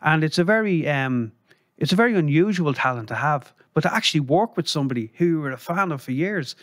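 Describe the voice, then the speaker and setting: A man's voice: a little high, lively intonation, fast, fairly bright tone, no echo, studio quality. An Irish man, a guest on a casual interview, telling rambling anecdotes and acting out the people he quotes.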